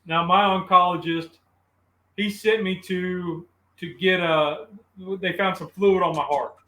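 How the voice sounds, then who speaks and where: A middle-aged man, a podcast guest, telling a funny story in a casual, animated way. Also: high voice, a little slow, roomy sound.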